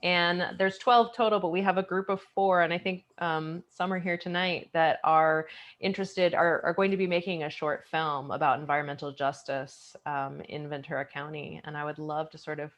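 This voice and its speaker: A woman's voice: sits low, fairly even intonation, moderate pace. A woman on a video call, speaking as an environmental advocate on a panel in a friendly way. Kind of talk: casual online panel chat.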